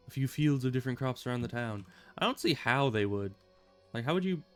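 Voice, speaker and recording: Casual male game streamer, smooth clear voice, faint music underneath. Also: mid-range voice, no room sound. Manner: chatty, rambling, self-amused. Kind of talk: casual gameplay commentary.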